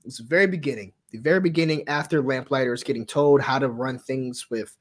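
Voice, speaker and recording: A man's voice: medium pitch, quick pace. A man co-hosting a casual aftershow podcast, ranting profanely and acting out quotes. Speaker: aftershow co-host.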